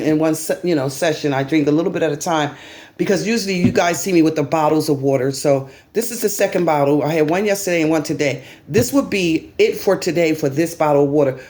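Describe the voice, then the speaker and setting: A woman's voice: low-pitched, darkish tone. A woman talking to her channel in a casual commentary vlog, rambling and repeating herself with many fillers. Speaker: vlogger.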